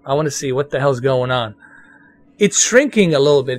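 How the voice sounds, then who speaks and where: A man's voice: medium pitch, animated, a little fast. A man with a New York accent giving casual live commentary on a game to his viewers. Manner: casual, chatty, addresses viewers. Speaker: streamer.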